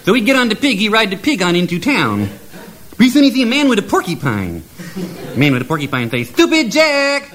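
Against crowd noise, a man tells a comic folk tale in playful, mock-broken grammar, chuckling often. His voice sits high and swoops wildly in pitch at a quick pace.

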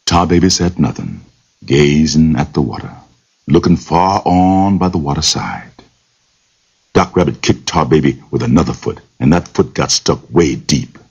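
Very deep gravelly storyteller man. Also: lively intonation, normal speed, darkish tone. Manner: rhythmic, lilting oral telling with repetitions. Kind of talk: folktale storytelling. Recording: dull lo-fi recording.

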